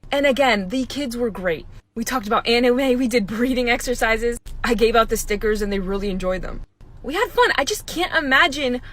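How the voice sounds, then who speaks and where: A young woman, a substitute teacher, telling a story about her day in an animated way, acting out what people said. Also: high-pitched. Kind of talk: casual storytime.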